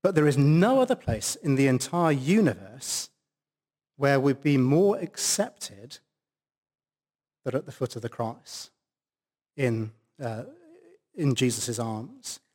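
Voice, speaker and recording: A man's voice: mid-range voice, big pitch swings, takes it slowly, pauses often, darkish tone. A man preaching a sermon at a church service, stressing key words for emphasis.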